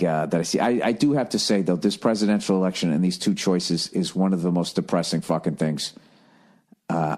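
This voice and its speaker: A man's voice: deep voice, darkish tone, husky. Swearing, ranting male podcast host. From United States. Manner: profane, ranting, sarcastic. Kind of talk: solo comedy podcast monologue.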